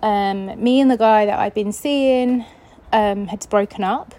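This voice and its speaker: A woman's voice: mid-range voice, measured pace, mellow, poor audio. A woman from England hosting a podcast, telling a personal story in a chatty, casual way, acting out the voices she quotes. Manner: chatty, acts out quoted voices, laughs often. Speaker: podcast host.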